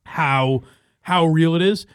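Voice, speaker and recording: A man's voice: fairly high pitch, slow, clean tone, no room sound. Rambling man hosting a podcast, dry sound. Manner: rambling, many fillers, swears, laughs often. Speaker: podcast host. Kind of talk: casual chat.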